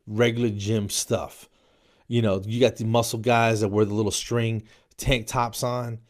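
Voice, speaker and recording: A man's voice: on the low side, level tone, measured pace. A man in his forties, from New Jersey, hosting a podcast in a jokey comedic monologue that he peppers with "man" and "dude". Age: 40s. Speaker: podcast host.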